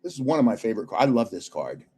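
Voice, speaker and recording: An older man hosting a trading card live stream, telling stories in an animated way, laughing often and chatting with viewers. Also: mid-range voice, racing, husky. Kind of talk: casual live-stream chat and storytelling.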